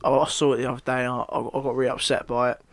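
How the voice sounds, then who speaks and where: A man co-hosting a podcast, reporting trivial news with deadpan mock outrage. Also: mid-range voice, very fast, no echo. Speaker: podcast co-host. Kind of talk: casual banter.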